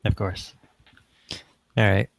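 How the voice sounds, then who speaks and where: A man's voice: slow pace, slight background noise. A man playing at a tabletop game, talking casually in an easygoing, hesitant way. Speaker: player.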